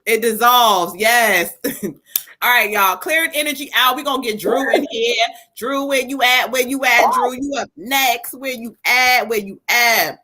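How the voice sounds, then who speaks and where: A woman hosting a casual live stream of card readings, her voice bright and sitting a little high. She jokes, laughs and curses freely with her viewers, then settles into giving the reading. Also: unhurried. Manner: laughing, bantering, profane, addresses viewers directly.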